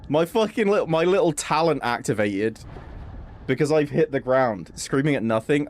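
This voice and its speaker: Guy streaming a game solo, talks slow but swings up and down a lot, swears and laughs. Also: medium pitch, expressive, a little mellow. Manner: chatty, swears and laughs while playing. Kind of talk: live gameplay commentary.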